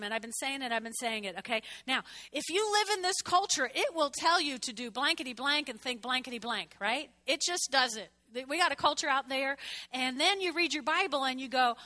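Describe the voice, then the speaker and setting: Bright, high-voiced woman preaching. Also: brisk. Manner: animated, chatty preaching with asides to the congregation. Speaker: pastor. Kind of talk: sermon.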